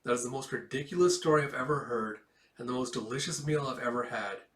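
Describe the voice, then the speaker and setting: A fond father teases his children in a slow, gentle voice, as a man reads him from a comic. The sound is roomy and distant. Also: medium pitch, natural voice. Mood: amused.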